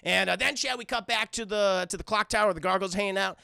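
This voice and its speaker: A man streaming a casual cartoon recap, talking to his chat in an animated, profane way. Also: sits high, quick pace, vocal fry, clear, resonant tone, no echo, studio quality.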